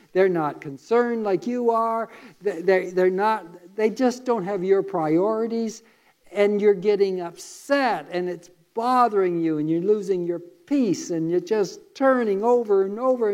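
A man's voice: high-pitched, darkish tone, highs cut off. A man preaching a sermon, retelling a story in a conversational way with asides to listeners.

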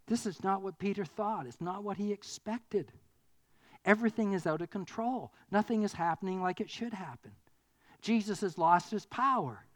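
An earnest preacher with a mid-pitched voice delivers a sermon. The delivery builds to emphatic, repeated declarations.

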